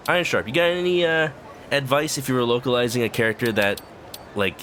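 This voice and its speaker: A man's voice: mid-range voice, fairly quick, fairly bright tone, slight background noise. A male streamer giving casual, rambling, joking commentary over gameplay.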